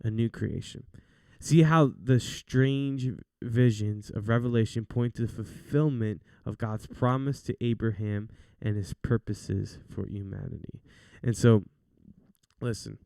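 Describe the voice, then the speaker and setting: A man's voice: fairly low pitch, unhurried, creaky, a little mellow, smooth, dry recording, studio quality. A young man hosting a casual faith talk show, speaking in an earnest, chatty, encouraging way. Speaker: podcast host.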